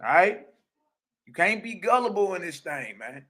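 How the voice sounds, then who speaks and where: A man leads an informal religious history lesson. He talks in an emphatic, streetwise way and repeats his points. His voice is bright and slightly high. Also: very animated, moderate pace. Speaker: teacher.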